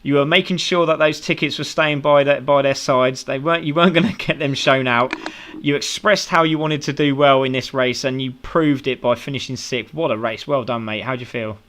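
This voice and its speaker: A man's voice: medium pitch, fairly even intonation, brisk, fairly bright tone. A man with a British accent doing upbeat post-race interviews as a sim racing commentator, full of praise for the drivers.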